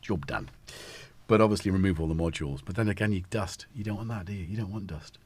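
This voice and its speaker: A man's voice: deep voice, fast, slightly rough. A man hosting a casual live stream, talking in a rambling, self-interrupting way while he fits synth modules into a case. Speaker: host.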